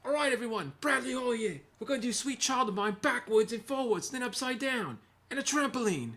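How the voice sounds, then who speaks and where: A man putting on an excitable British male guitar YouTuber in an exaggerated, high, fake British accent. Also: a little fast, heavily acted. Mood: hyped.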